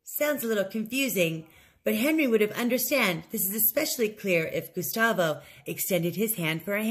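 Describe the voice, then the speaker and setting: A woman teaching an English lesson, modeling set phrases slowly and clearly for learners to repeat. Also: medium pitch. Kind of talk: recorded language lesson.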